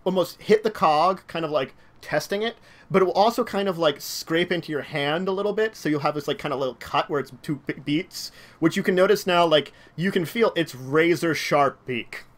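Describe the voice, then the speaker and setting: A man's voice: a little high, fairly quick. A man running a tabletop game as game master, narrating with many fillers and hesitations. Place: home room, online stream.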